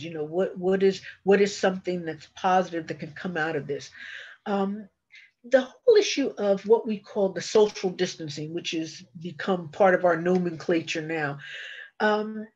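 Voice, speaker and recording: An older woman, a retired social worker, gives an earnest, encouraging webinar talk and restarts her sentences frequently. Her medium-pitched voice has a darkish tone, heard over slightly dull video call audio.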